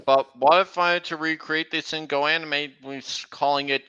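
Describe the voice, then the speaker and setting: A man's voice: a little high, fairly even intonation, moderate pace, bright, forceful tone, smooth, no echo. A man streaming a casual chat, rambling with many restarts and trailing lists, on a dull lo-fi recording.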